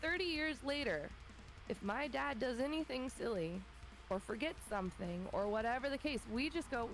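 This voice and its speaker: A woman in her thirties telling a funny childhood story in a relaxed chat, acting out her family's voices. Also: on the high side, normal speed, soft background music, rough recording. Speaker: streamer guest. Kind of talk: casual storytelling.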